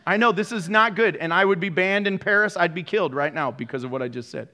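A man's voice: high-pitched, fast, sharp tone. A man pastor giving a sermon, joking, laughing often and throwing sarcastic asides to the congregation.

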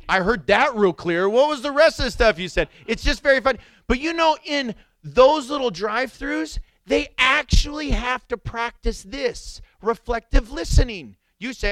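A middle-aged man preaching a sermon with animated storytelling, jumping into sudden impressions. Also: very high voice, moderate pace, few pauses, no echo. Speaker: pastor.

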